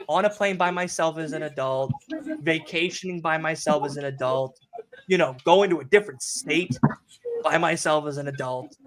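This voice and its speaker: Young New York guy, podcast host, rambling and swearing, voice on the higher side. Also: noisy background. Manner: rambling, profane, animated storytelling. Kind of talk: casual chat.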